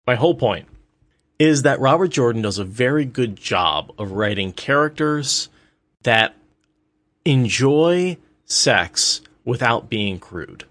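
A young adult man co-hosting a casual book discussion, telling an animated story and swearing casually. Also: medium pitch, slow, no room sound. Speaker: podcast co-host.

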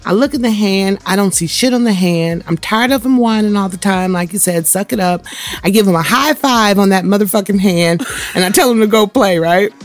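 A woman co-hosting a casual podcast chat, telling stories in a blunt, swearing, animated way and acting out the quotes. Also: mid-range voice, a little fast, faint music behind. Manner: profane, animated storytelling with voiced quotes. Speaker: podcast co-host.

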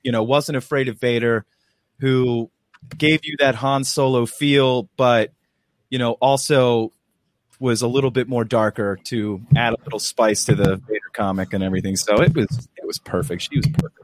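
A man co-hosting a podcast, chatting casually and telling stories in a rambling, animated way with plenty of restarts. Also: medium pitch, normal speed, no echo. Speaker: podcast co-host. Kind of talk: casual chat.

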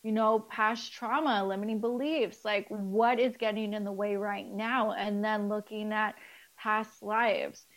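Woman, middle-aged, casual interview guest, animated storyteller, candid and laughing, ordinary pitch. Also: a little slow, poor audio. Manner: animated storytelling, acts out quoted dialogue. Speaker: guest, spiritual life coach.

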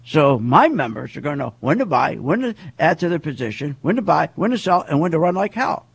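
Husky man on a heated market rant. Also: fairly high pitch, very animated, fairly quick. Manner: heated, repetitive, rhetorical questions. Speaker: market commentator. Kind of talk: ranting monologue.

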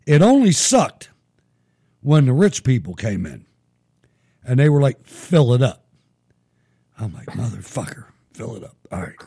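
A middle-aged man hosting a live show, telling profane, animated stories in casual chat. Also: fairly high pitch, vocal fry, slightly rough. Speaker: show host.

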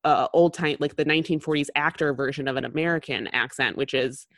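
A woman in her thirties with a low voice chats as a podcast co-host. She talks loosely, full of fillers and restarts. The sound is dry and close with no room echo. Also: fairly even intonation, brisk, fairly bright tone. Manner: chatty, many fillers and restarts. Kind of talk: casual chat.

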